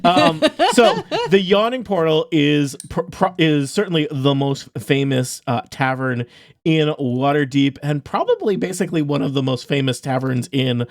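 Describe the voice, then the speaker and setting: A man's voice: on the high side, lively intonation, moderate pace, dry recording, studio quality. A man narrating as game master in a casual, joking way, with many fillers and restarts.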